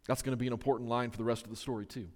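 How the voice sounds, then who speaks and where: A man preaching a sermon in an animated storytelling manner, often stringing his sentences together with repeated "and.". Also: medium pitch, racing, big-room sound.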